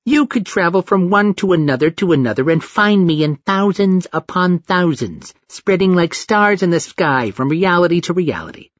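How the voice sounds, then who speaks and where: A man's voice: high-pitched, lively intonation, moderate pace, few pauses, no room sound, pitched above the performer's own voice. A man voicing a monstrous, cruel alien god that sounds like a toddler and taunts with giggles. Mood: grandiose. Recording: dull dry lo-fi recording.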